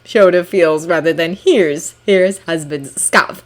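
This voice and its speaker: A woman reading fan fiction aloud in expressive, animated narration. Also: on the low side, slow pace.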